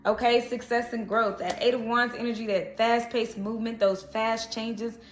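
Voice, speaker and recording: A woman's voice: a little high, fairly even intonation, moderate pace, a little hiss or hum. A woman giving a casual tarot reading to camera, chatty and reassuring, often checking in with "okay?". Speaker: tarot reader. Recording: echoey room.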